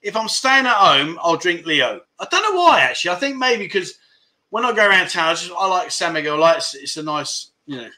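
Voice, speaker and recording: Speaking a little fast in a high, sing-song, bright and forceful voice, a middle-aged man runs a casual home livestream. He reads out comments and keeps up chummy chatter, calling viewers "mate" and "my friend."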